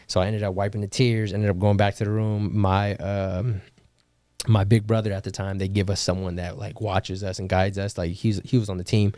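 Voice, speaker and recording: A man's voice: fairly low pitch, flat delivery, moderate pace, a little mellow, no echo. Podcast guest, young man from California, slangy and profane storyteller, dry close sound. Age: young adult. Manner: slangy, swears, laughs often, quotes people. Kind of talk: casual storytelling.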